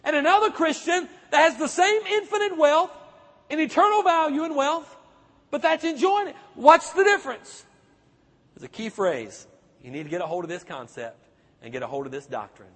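A man's voice: extremely high pitch, moderate pace, a bit bright. A man preaching a sermon, pressing the congregation with emphatic rhetorical questions. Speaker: pastor. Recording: echoey hall, long reverb.

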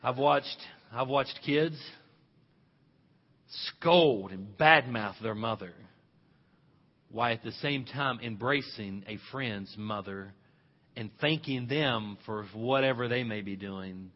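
A man preaches from the pulpit, swinging into loud, rising exhortations. His voice is husky and sits in a middle pitch. The sound is muffled and lo-fi, with long reverb from a big church sanctuary. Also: takes it slowly. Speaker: pastor. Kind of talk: sermon. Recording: dull reverberant hall recording.

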